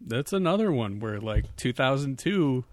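A man co-hosting a casual movie chat, laid-back and rambling, with hesitant pauses. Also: mid-range voice, sing-song, a little mellow, no echo, clean studio sound. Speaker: podcast co-host.

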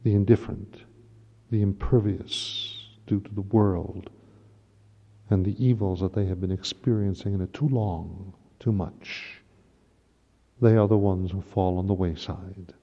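A man's voice: low-pitched, measured pace. A man preaching a sermon at Mass, impassioned and rising to emphatic peaks. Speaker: priest. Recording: dull lo-fi recording in a long-reverb hall.

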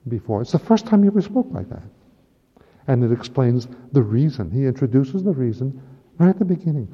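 A man's voice: mid-range voice, big pitch swings, moderate pace, husky. A man preaching a sermon at Mass, impassioned and rising to emphatic peaks. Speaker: priest. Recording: dull lo-fi recording in a long-reverb hall.

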